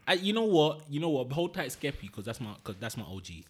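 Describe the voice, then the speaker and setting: A man's voice: mid-range voice, quick pace, husky. A man, co-hosting a podcast in casual chat and telling stories with lots of slang. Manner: animated, slangy storytelling. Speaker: podcast co-host.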